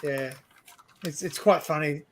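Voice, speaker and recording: Man, higher voice, casual host chat, rambling and stumbling over words. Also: fairly even intonation, measured pace, a little hiss or hum. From Australia. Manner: rambling, laughing, repeats words. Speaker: livestream host. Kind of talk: casual chat among friends.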